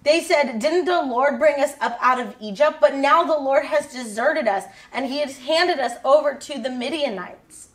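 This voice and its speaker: A woman's voice: high voice, moderate pace, hardly any pauses, fairly bright tone, recorded from a distance. A woman voicing a nervous, unsure young man in a Bible story for kids, talking in a casual, pleading way. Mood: anxious.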